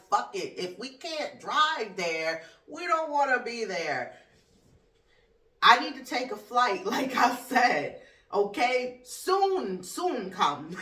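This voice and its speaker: A woman's voice: sits high, fairly bright tone. A woman hosting a podcast, ranting in casual comedy style, profane and laughing often as she talks. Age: adult with a school-age son. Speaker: podcast host. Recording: roomy echo, distant from mic.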